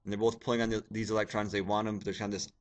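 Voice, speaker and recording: Low-voiced man teaching a lecture. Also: level tone, very fast. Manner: casual, joking, talks to students as "guys". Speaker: science teacher. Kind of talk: recorded video lecture over slides.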